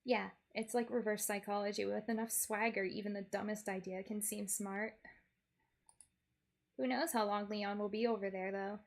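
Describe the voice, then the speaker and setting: A woman's voice: mid-range voice, steady tone, normal speed, vocal fry. A woman streamer narrating a game in character, in a wry, playful first-person storytelling manner.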